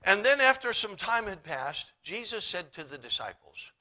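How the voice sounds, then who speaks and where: Bright-toned, dynamic male preacher. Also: high-pitched, sing-song, normal speed. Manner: swings between hushed and loud emphatic delivery; reads scripture in King James wording. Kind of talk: sermon.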